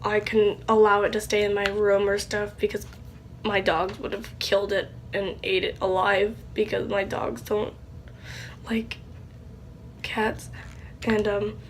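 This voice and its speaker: A young woman, likely a teen, talking in a casual vlog, rambling and halting with many fillers, tearful with a stuffy nose. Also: medium pitch, flat delivery, a little hiss or hum. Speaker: channel host.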